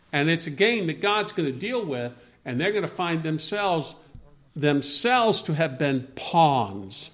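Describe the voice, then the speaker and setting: A man leading an informal Bible discussion, rambling and halting with many restarts as he quotes scripture. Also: high voice, a bit bright.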